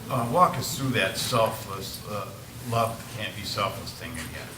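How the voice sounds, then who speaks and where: Man, audience question, low voice, hesitant, far from the mic, echoey room, background noise. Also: animated, unhurried. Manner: hesitant, with fillers. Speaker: audience member asking a question.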